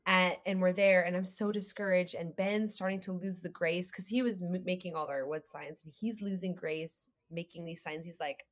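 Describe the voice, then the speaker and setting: A woman guest on a faith podcast, telling a story in an animated way and acting out the dialogue. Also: lowish voice, moderate pace, few pauses. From United States. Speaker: guest, creative entrepreneur.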